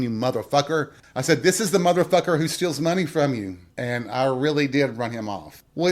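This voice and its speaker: A man hosting a podcast, telling a personal story in a candid, wry way and swearing freely as he speaks straight to his listeners. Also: mid-range voice. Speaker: podcast host.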